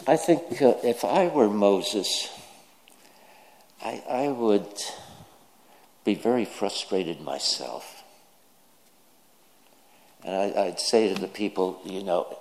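A man's voice: on the low side, expressive, takes it slowly, long pauses, a little mellow, slight background noise. A man preaching a sermon, telling jokes and stories and acting out the quoted lines. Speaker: pastor. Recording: reverberant hall.

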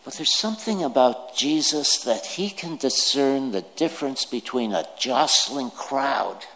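A man preaching a sermon, slow and deliberate, putting questions to his listeners. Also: medium pitch, lively intonation, bright, forceful tone. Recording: long hall reverb.

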